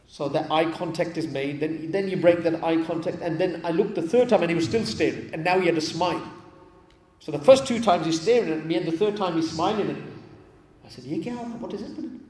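A man's voice: a little high, brisk, a little mellow. A man from England giving a storytelling sermon in a mosque hall, repeating key phrases for emphasis. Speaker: preacher. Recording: echoey hall with long reverb.

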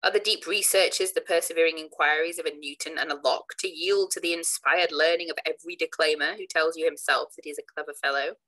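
Woman reading as Smith, a calm cutting debater. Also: sits low, poor audio. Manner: measured, lecturing argument. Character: plain-spoken male skeptic, calm and cutting.

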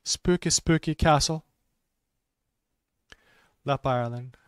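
A man who talks slowly and simply for English learners, with many restarts, and sometimes trails off into quiet muttering. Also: mid-range voice, clear, resonant tone, dry recording, clean studio sound. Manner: slow, simple wording with many restarts and fillers; drops to quiet mutters while fixing his stream. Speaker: ESL teacher streaming. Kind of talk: casual talk for English learners.

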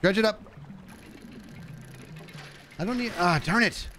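A man plays a fishing game while giving chatty live commentary at a slow pace, reading chat aloud. He is animated and jumps to high, panicky yelps when things go wrong. There's a little hiss or hum on the recording.

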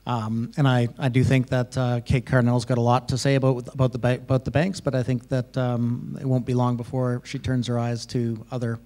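A man's voice: medium pitch, level tone, a little fast, few pauses, dark tone. A man speaking as a panelist, reflective, with some "um" fillers. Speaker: lending panelist. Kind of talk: panel discussion.

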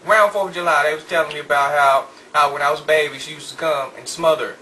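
A man in casual group banter, excitedly cutting in to tell his side, often laughing. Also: fairly high pitch, fast talker. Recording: loud noise and clicks.

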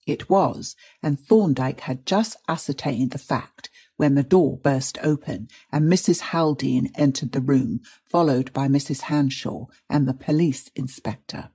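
A man narrating a classic detective audiobook. His reading is even and descriptive, with a mellow, slightly husky tone. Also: medium pitch, measured pace, few pauses, no echo, clean studio sound. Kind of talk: scripted narration.

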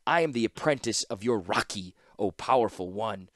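A man voicing Ashnod, a sly, sardonic woman apprentice, in a mocking, sharp-tongued manner for an audiobook-style fan reading. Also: fairly low pitch, lively intonation, normal speed, no echo, studio quality, natural voice. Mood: defiant.

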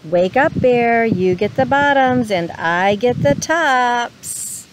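A woman's voice: on the low side, fairly even intonation, measured pace, noisy background, pitched below the performer's own voice, close to an everyday voice. A woman reading a sly, sing-song hare. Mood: cheerful sly. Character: clever, sly male hare trickster. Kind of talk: picture book read-aloud.

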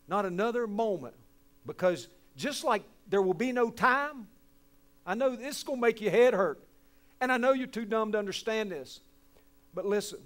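High-voiced West Virginian pastor preaching. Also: male voice, lively intonation, moderate pace. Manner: folksy, joking, swings from hushed to loud. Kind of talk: sermon.

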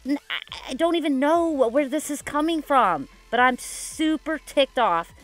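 A woman vlogging her gameplay casually, excitable and dramatic, rambling with lots of "like". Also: sits high, measured pace. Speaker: gaming YouTuber. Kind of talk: casual game commentary vlog.

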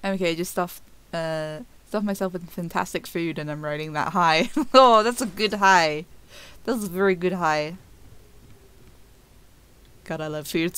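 Slow-talking giggly woman streamer. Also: fairly low pitch, fairly bright tone, smooth. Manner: chatty, giggly, reads chat aloud. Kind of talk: casual gameplay commentary.

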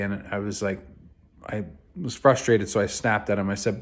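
A man's voice: on the low side, steady tone, moderate pace. A man from Canada telling a personal story to camera in a laid-back, rambling way, with many fillers and some swearing. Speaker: vlogger.

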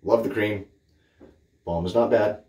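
With a lowish, dark voice, fairly even intonation, and a slightly slow pace, a shaving vlogger from Cape Cod, Massachusetts reviews a shaving product. It's casual, blunt, rambling, and candid, recorded in his bathroom with a roomy echo and slight background noise.

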